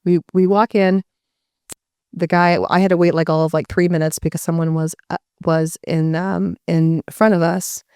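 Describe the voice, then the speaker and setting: A woman telling a story to a live audience in a casual, animated way, often slipping into voices for the people she quotes. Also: on the low side, moderate pace, smooth, no room sound, studio quality. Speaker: guest speaker.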